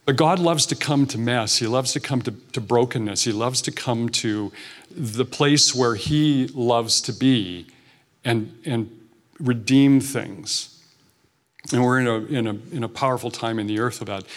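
A guest preacher with a mid-range voice gives an informal, earnest sermon in a church sanctuary, speaking a little slowly. He talks conversationally and often restarts his sentences.

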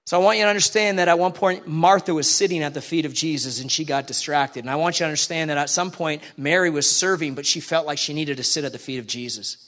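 A man with a high voice delivers a sermon in a church. He talks in a casual, animated way and keeps putting questions to the people listening. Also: quick pace, few pauses. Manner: conversational, animated, asks the congregation questions. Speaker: preacher.

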